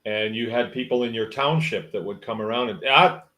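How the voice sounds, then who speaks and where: A man's voice: lowish voice, steady tone, fairly quick, fairly bright tone. A man hosting a livestream, reading out viewer comments and musing in a rambling, wry, casual way. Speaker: host.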